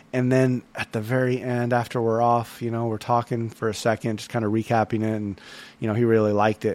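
A man hosts a casual solo podcast recap with a mid-pitched voice. He talks earnestly and rambles, circling back through plenty of fillers and restarts. The tone is a relaxed one-man chat. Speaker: podcast host.

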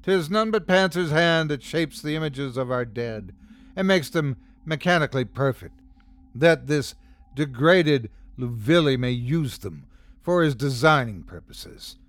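A man voicing a commanding cult leader in a horror story, speaking in a frigid, gruff monotone. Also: a little high, unhurried. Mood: cold commanding.

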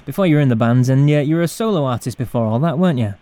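A man's voice: mid-range voice, animated, rapid-fire, mellow. A man interviewing a musician, friendly, laughing along with short reactions. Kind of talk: casual interview.

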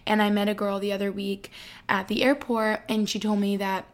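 A woman's voice: mid-range voice, level tone, moderate pace. A woman in her twenties hosting a podcast, talking in a casual, rambling and heartfelt way with lots of "like", emotional and tender. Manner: effusive, rambling, heavy use of "like". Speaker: podcast host.

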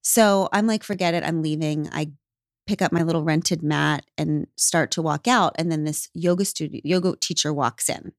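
A woman's voice: low voice, normal speed, dry recording, studio quality. A woman telling a candid story in casual podcast chat, swearing and acting out what she said back then. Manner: candid, swears, acts out her own past lines. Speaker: podcast guest.

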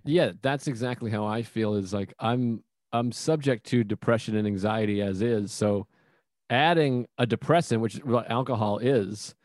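A man talking candidly in a casual chat, animated and often swearing. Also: on the low side, normal speed, dry recording, studio quality. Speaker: comedian.

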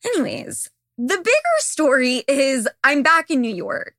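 A young woman hosts a podcast in a high, bright, forceful voice with huge pitch swings, speaking unhurriedly in a dry, studio-quality recording with no echo. She's losing her voice, and it sounds a bit worn as she delivers a casual monologue to listeners that's blunt, gossipy, and full of swearing.

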